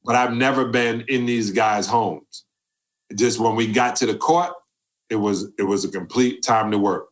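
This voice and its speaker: A man in his fifties, a podcast guest telling stories from his career and acting out the voices of people he quotes. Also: unhurried. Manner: animated storyteller who acts out quoted voices with big pitch jumps. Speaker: podcast guest, former basketball player. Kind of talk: storytelling interview.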